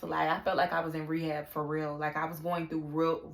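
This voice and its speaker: Low gravelly woman in an echoey room. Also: flat delivery, measured pace, fairly bright tone. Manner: candid and confiding, with fillers and slang. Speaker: vlogger. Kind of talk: casual personal vlog.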